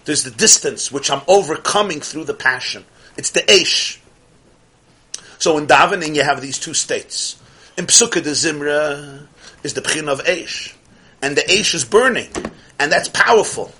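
A man gives a passionate Chassidic lecture in a husky, bright voice that sits a little high for a man. He swings between loud outbursts and near-whispers and drops Yiddish and Hebrew terms into his English. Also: unhurried. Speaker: Torah teacher.

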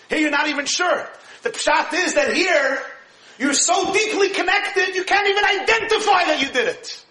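A man teaching a Torah lecture, animated and emphatic, often laughing as he explains. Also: extremely high pitch. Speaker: rabbi teaching Torah class. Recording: echoey room.

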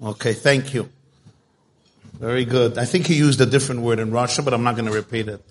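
A man's voice: mid-range voice, steady tone, brisk, a little hiss or hum. A man giving a storytelling talk to a live audience, chatty and joke-telling, speaking straight to his listeners.

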